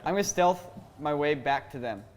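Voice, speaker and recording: A man playing a tabletop game in a playful, quick way. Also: fairly high pitch, animated, slight background noise. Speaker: player. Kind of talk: casual tabletop game chat. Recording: background music under voices.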